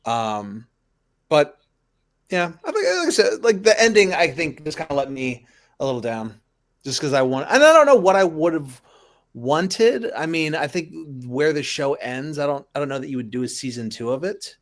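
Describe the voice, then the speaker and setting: A man co-hosting a casual podcast chat, talking in a measured, mildly critical way. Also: on the high side, sing-song. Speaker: podcast co-host.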